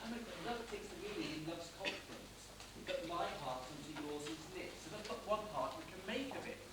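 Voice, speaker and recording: A man's voice: on the high side, animated, a little fast, natural voice. A young man playing an earnest young lover, declaiming verse on stage. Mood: ardent. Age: young adult. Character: earnest young male lover, courtly and ardent. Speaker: amateur stage actor. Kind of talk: live school stage play. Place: school hall stage. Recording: echoey hall, distant mic, tape hiss.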